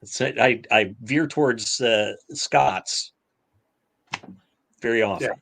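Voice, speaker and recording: A man co-hosting a podcast, joking and chatting casually, halting with fillers. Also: medium pitch, creaky, a bit bright, a little hiss or hum. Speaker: podcast co-host. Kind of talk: casual chat.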